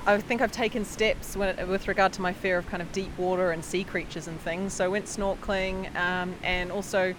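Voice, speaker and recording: A woman narrating a travel vlog in a relaxed, chatty way with many fillers. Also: on the low side, moderate pace, hardly any pauses, background noise. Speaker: travel vlogger.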